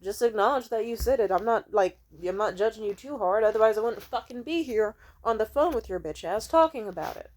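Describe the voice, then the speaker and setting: A woman's voice: a little high, lively intonation, fairly quick, hardly any pauses, darkish tone. A young woman venting in a heated, profane rant, retelling an argument with quoted back-and-forth dialogue. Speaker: vlogger.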